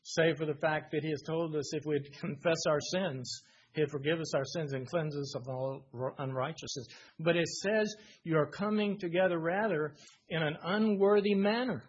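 A man with a husky, slightly high voice delivers a sermon, reading verses and then unpacking them line by line. He leans on repeated phrases for emphasis. The recording sounds dull and lo-fi. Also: moderate pace. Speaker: preacher. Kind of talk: sermon reading and expounding Scripture.

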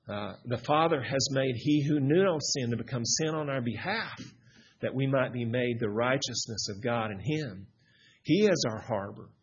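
A husky, mid-pitched man teaches scripture in an earnest, halting way, restarting phrases and leaning on repeated questions. His voice comes through a dull, lo-fi recording. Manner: earnest, many restarts and fillers. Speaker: pastor. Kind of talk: expository Bible teaching.

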